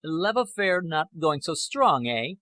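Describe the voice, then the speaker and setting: A man voicing a blunt, greedy, unpleasant scientist who speaks with slow, deliberate emphasis. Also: a little high, big pitch swings, sharp tone, dry recording, pitched above the performer's own voice, heavily acted. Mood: sneering.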